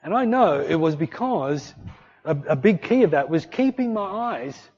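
A man preaching in a loose, conversational style, his voice sitting a little high for a man. He slips into quick acted voices as he tells stories. The recording sounds dull and lo-fi. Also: slightly rough. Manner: conversational, animated, acts out voices in anecdotes. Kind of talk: sermon.

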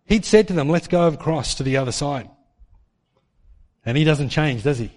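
A man preaching a sermon in an animated way, acting out the voices of people in his stories. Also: on the high side, moderate pace. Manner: animated, acts out quoted voices. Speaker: pastor. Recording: long hall reverb.

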